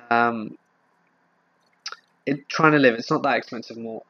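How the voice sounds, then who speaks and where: Southeast English man, relaxed rambling chat. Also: medium pitch, unhurried, long pauses, highs cut off. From England. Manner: relaxed, rambling, reads viewer comments aloud and answers them with fillers. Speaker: live-stream host. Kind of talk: casual live-stream chat.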